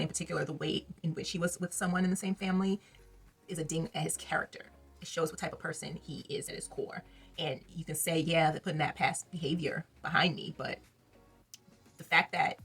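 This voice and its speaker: A woman's voice: deep voice, fairly even intonation, fairly quick, pushed and bright, breathy edge, faint music behind. A woman giving a blunt, sassy, exasperated commentary as she reviews a reality TV episode in a casual vlog.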